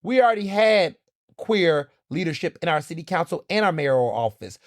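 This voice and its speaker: A man hosting a solo podcast, talking to listeners in a sassy, animated, conversational way. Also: a little high, normal speed, no echo, clean studio sound. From Texas. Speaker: podcast host.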